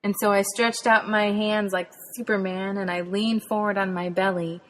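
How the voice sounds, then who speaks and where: A woman's voice: mid-range voice, fairly even intonation, moderate pace, fairly bright tone, slight background noise. A woman from Texas, a podcast host and spirituality author, earnestly tells a personal faith testimony in a reflective way. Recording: long hall reverb.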